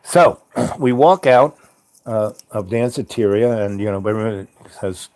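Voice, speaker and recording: A man's voice: fairly low pitch, a little slow, darkish tone, no room sound. Rambling middle-aged male storyteller, dry sound. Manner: meandering, full of ums and you-knows. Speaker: storyteller host. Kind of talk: rambling spoken-word storytelling.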